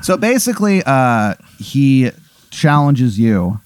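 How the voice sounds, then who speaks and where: Rambling comedy storyteller, dry close sound. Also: male voice, medium pitch, takes it slowly, no echo. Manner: rambling, filler-heavy, animated.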